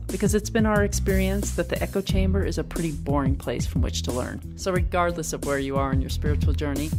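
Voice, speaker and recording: A woman podcast host reading a scripted welcome in a friendly, smooth manner. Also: lowish voice. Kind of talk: scripted show intro. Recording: intro with loud music bed.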